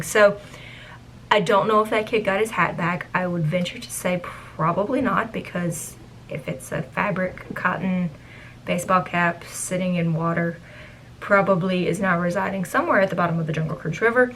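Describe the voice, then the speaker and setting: Young woman, casual storyteller, animated, acts out quotes; faint noise. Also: fairly low pitch, moderate pace, low-quality recording. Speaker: former theme park cast member.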